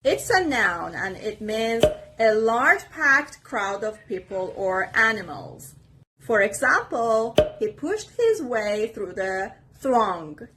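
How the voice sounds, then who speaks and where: A woman's voice: on the high side, very animated, noisy background. A woman teaching English vocabulary in a scripted lesson, saying each word twice and spelling out where the stress falls. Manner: slow, deliberate, repeats each word for stress.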